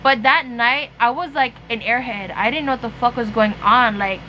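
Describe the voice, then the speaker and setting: High, bright-voiced young woman telling a story. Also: moderate pace, a little hiss or hum, low-quality recording. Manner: profane, chatty, heavy on "like" and "you know". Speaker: vlogger. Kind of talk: casual storytime.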